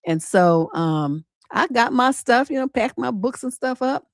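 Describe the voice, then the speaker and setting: A middle-aged woman, a relationship coach and livestream host, telling a personal story in a casual, animated way, acting out quotes with attitude and cursing freely. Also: a little high, measured pace, dry recording, studio quality. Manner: animated, sassy storytelling with acted-out quotes and swearing.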